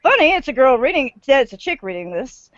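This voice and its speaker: A woman's voice: high-pitched, very animated, fast talker, a bit bright, no room sound, lo-fi sound. A woman on a stream reading an article aloud, breaking off with sarcastic comments. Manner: sarcastic asides while reading. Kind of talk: casual chat and reading aloud.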